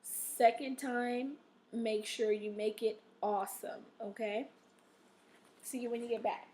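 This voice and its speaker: A woman's voice: fairly high pitch, steady tone, takes it slowly, a little mellow. A woman teacher giving a recorded reading and word-study lesson to her class, checking in often with "okay?". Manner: encouraging, checks in with frequent "okay?".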